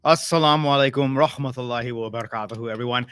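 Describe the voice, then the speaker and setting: A man's voice: mid-range voice, very fast, fairly bright tone, clean tone, no echo, clean studio sound. A man from the Toronto area, hosting a live talk show in a chatty, joking way with plenty of fillers. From Canada (Toronto area). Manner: chatty, jokey, lots of fillers. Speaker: host.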